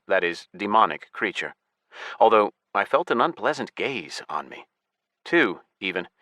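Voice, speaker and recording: A man reads a first-person audiobook, his voice low-pitched with a bright, forward edge. He tells the story in a wry, matter-of-fact way, recorded dry and close in a studio. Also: dry recording. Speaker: audiobook narrator. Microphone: close studio mic.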